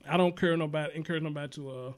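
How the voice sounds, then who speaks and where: A man with a notably high speaking voice hosts a casual talk show. He rambles through stories in a loose, profane, conversational way, tossing in "dude" and "brother" as he goes. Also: fairly even intonation, very fast. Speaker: show host.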